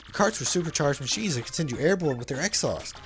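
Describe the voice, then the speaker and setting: A laid-back young man tells a long adventure story in easygoing slang, voiced by a man dubbing a game. The voice sits somewhat high and is backed by faint music. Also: animated, fast talker, fairly bright tone. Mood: storytelling. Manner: casual slangy storytelling, says bro a lot. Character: laid-back young male hero's brother telling a story.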